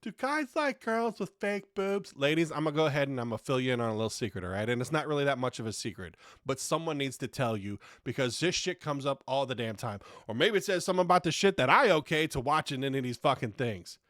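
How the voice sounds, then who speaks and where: A man's voice: medium pitch, fast, hardly any pauses, fairly bright tone, dry recording, clean studio sound. A man hosting a podcast, delivering a profane comedic rant with heavy swearing and exasperated outbursts. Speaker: podcast host.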